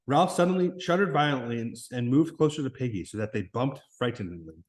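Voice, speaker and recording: This is a classroom read-aloud with commentary: a man reads a novel to his class in an animated, mid-range voice at normal speed. Every so often he breaks off to explain, and he restarts along the way.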